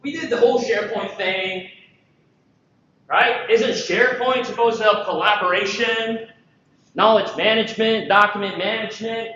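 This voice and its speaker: Man from the Philippines, high voice, joking conference speaker, heavy echo, dull sound. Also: normal speed, slight background noise. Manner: lively, joking, full of rhetorical questions. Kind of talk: energetic conference presentation. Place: large conference hall. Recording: echoey, dull hall recording.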